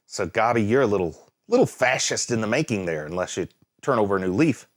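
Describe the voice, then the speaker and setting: A man's voice: lowish voice, lively intonation, fast. A man hosting an anime reaction, chatting casually, exclaiming and laughing at the screen, then musing aloud. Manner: muses aloud, thinking things through.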